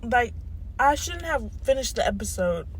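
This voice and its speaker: A woman's voice: a little high, big pitch swings, moderate pace, slight background noise. A young woman vlogger ranting casually, swearing and laughing between phrases. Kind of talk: casual rant. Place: parked car.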